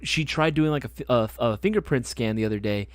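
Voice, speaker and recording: A man hosting a casual live stream chat, telling stories in an animated way, swearing freely and laughing often. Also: mid-range voice, brisk, dry recording. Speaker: host.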